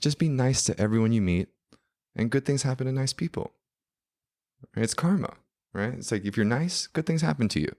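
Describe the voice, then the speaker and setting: Man playing a kind fairy-godmother tree spirit, pitched high, sweet and encouraging. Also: expressive, moderate pace, pauses often, darkish tone, close to an everyday voice.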